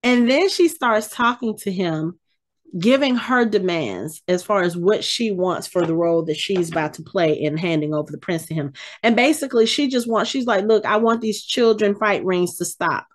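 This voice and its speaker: A woman co-hosting a podcast, recapping a TV episode in casual, animated chat and getting exasperated as she retells it. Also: mid-range voice, normal speed. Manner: animated, exasperated storytelling with frequent restarts. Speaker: podcast co-host.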